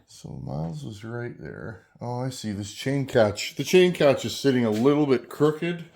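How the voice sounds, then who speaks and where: A man's voice: mid-range voice, animated, a little slow, creaky, darkish tone. A man hosting a casual workshop vlog, chatty and rambling as he works with his tools, sometimes moving off the camera mic. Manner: chatty and rambling, talks while working with tools. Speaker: chainsaw channel host.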